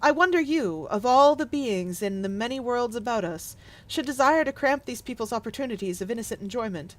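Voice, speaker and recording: A woman's voice: a little high, animated, a little fast, lightly acted. A woman reading a story aloud, voicing a grumpy old male miser who argues and questions. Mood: arguing. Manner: questioning, arguing.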